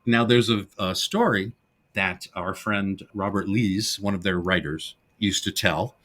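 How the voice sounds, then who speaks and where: Low-pitched and a little slow, a middle-aged podcast co-host chats casually about films. He tells the stories of classic comedy scenes with animation, performing the characters' lines himself.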